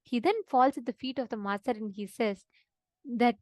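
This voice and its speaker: Speaking at a normal pace, a woman with a fairly high, slightly mellow voice leads an online spiritual session with chat, with no room sound audible. Her devotional story is punctuated by checks such as "right?" and "understand?".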